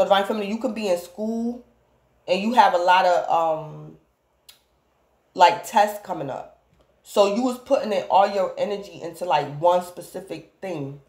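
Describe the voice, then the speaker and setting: A woman's voice: medium pitch, a little mellow, echoey room. A woman giving a casual tarot reading, rambling and repeatedly calling out to her viewers by the same phrase. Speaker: tarot reader.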